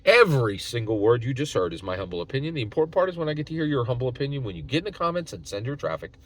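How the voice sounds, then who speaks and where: A man's voice: mid-range voice, big pitch swings, very fast, a bit bright. A man hosting his own channel, giving casual opinion commentary in a folksy, opinionated way and tagging his points with "right?". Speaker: channel host.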